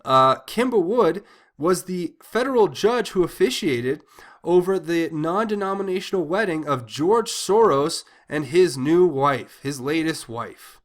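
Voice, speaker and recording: A man with a slightly raised pitch delivers an impassioned commentary monologue. He sounds indignant and exasperated, stumbling over restarts and repeating words as he presses each point. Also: expressive, unhurried. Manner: agitated, indignant, repeats himself with many restarts. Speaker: political commentary channel host.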